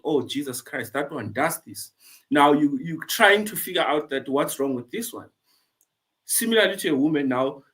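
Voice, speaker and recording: A man's voice: mid-range voice, a bit bright. A man speaking frankly and earnestly as a guest on a discussion panel, giving advice. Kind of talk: candid personal panel talk.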